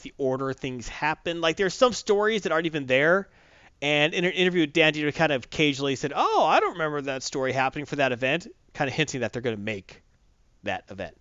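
A man's voice: on the high side, a bit bright, smooth, no echo, muffled recording. Rambling man in casual chat. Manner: rambling, self-correcting, enthusiastic.

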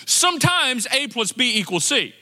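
A male pastor gives a conversational sermon with a high, very bright voice. He repeats words for emphasis as he talks the congregation through the point. The voice rings out with a long reverb in a church sanctuary. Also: sing-song, moderate pace. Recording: long reverb of a large hall.

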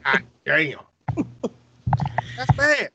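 A man's voice: a little high, very animated, very slow, vocal fry, noisy background. A man co-hosting a podcast in casual chat, joking, cursing freely and laughing often. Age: adult with children. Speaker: podcast co-host.

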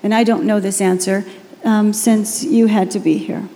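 A pastor's wife telling a personal testimony during a sermon in an emotional, animated way. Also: female voice, mid-range voice, normal speed, long reverb tail.

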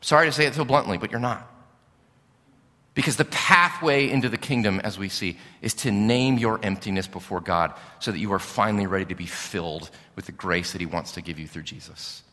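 A man's voice: fairly low pitch, brisk, sharp tone, big-room sound. A male pastor preaching a sermon in an earnest, pleading, emphatic way, with rhetorical questions.

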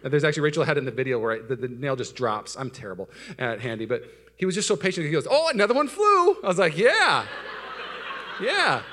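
A young adult man, a pastor giving a sermon in a self-mocking storytelling way that swings between loud excitement and soft, low asides. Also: racing, few pauses.

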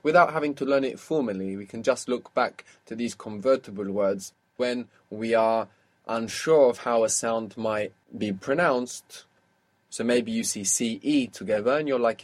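Speaking at a medium pitch, this male language teacher guides an audio lesson on spelling and stress, step by step. Every so often he quizzes his student, then patiently goes over each answer.

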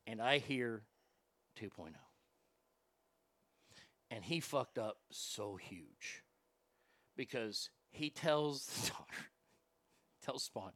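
A man casually telling a story on a chat show, animated and profane, jumping from loud bursts to hushed asides. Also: mid-range voice, takes it slowly, pauses often, no echo.

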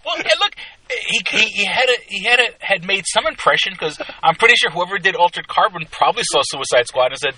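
Excited podcast dude, rambles, swears a lot, bright sharp voice. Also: male voice, high-pitched, quick pace, distant mic, rough recording. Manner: enthusiastic, rambling, swears freely. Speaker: podcast co-host. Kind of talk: casual chat.

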